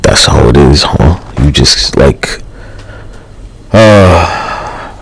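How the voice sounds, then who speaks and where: Very deep voice, husky, man, rambling livestream chat, profane and slangy. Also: animated, extremely slow, low-quality recording. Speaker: live streamer. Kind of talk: rambling casual livestream talk.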